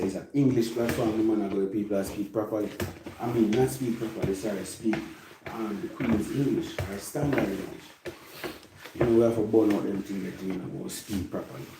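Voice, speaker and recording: A man's voice: fairly low pitch, background noise. A Jamaican man giving a rambling, casual music commentary that mixes patois with English. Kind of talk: casual chat.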